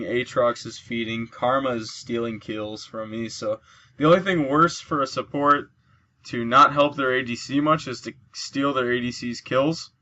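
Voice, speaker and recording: A lo-fi recording captures a gameplay commentator with a medium-pitched voice, sleepy and yawning as he plays. He chats casually, explaining mechanics and moves, with sudden excited bursts when he gets a kill.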